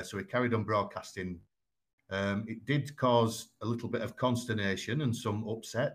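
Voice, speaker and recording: Man, Yorkshire accent, lowish voice, measured and explanatory, frequent ums and restarts. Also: fairly bright tone. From Yorkshire, England. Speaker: guest. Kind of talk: conversational explaining.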